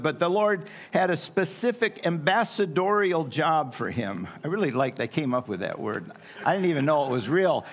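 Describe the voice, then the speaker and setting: A middle-aged man preaching a sermon in a church in a folksy, joking way with playful asides. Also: a little high. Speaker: pastor. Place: church sanctuary.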